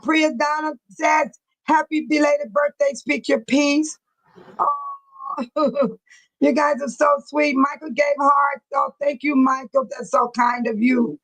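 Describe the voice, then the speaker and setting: Woman, livestream host, emotional, preachy talk, a touch high. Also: fairly even intonation, slow, soft background music, poor audio. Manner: emotional, reads viewer comments aloud, preachy. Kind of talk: casual livestream chat.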